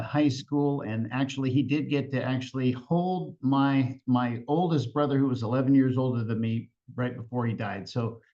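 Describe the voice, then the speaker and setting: A man telling a family tall tale live, halting and repeating words with chuckles between lines. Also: medium pitch, a little mellow. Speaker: storyteller. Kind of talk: live storytelling. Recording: lo-fi event recording.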